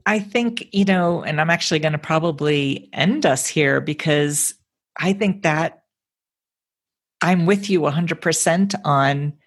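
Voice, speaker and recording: A woman host with a very low voice and a breathy, husky tone. She speaks in a reflective, agreeable way and answers her guest's points with a story of her own. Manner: agreeable and reflective, shares matching stories. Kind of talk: casual conversation.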